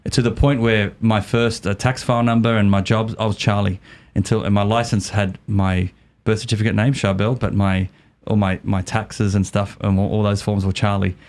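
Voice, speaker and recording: A man's voice: on the low side, normal speed, few pauses. A middle-aged man, a podcast guest, casually retelling a story and often repeating words as he goes. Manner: animated, repeats words while telling a story.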